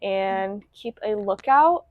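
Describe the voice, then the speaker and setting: A woman's voice: mid-range voice, animated, slow, no echo, narrow, tinny audio. A young woman and apparel business owner, chatting casually on a podcast, full of "like" fillers and laughing often.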